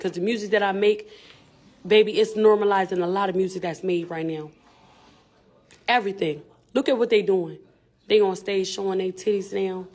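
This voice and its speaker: A forceful woman talking on a live stream, her words punchy, repetitive and full of street slang. She speaks at a mid pitch for a woman, with the plain, confident delivery of a rapper addressing her fans. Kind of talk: candid live-stream talk.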